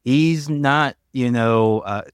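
A man chats on a podcast in a conversational, hedging way, full of fillers and side remarks. His voice sits at a middle pitch and sounds close and dry. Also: takes it slowly, smooth, dry recording. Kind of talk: casual discussion.

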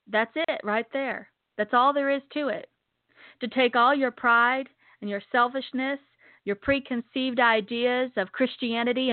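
A woman giving an emotional personal religious testimony in an earnest, repetitive way, slowing down to stress key words. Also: fairly high pitch, no echo. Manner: earnest, repetitive, slows down for emphasis. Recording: dry tinny phone-like sound.

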